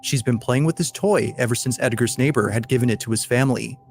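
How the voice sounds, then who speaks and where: A man narrating a compilation of scary videos in a steady, measured, scripted storytelling voice. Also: medium pitch, slight background noise. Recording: faint music underneath.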